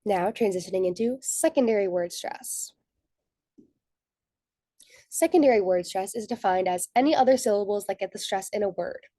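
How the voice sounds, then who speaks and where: Young woman student presenter, mellow tone, dry close sound, reads prepared slide notes in order. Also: mid-range voice, animated, normal speed, pauses often, no echo.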